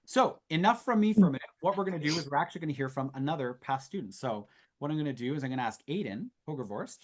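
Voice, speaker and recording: A man's voice: a little high, lively intonation, quick pace. A man in his thirties presenting an online info session in a chatty, storytelling way with asides, heard over a video call. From Canada. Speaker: youth exchange presenter.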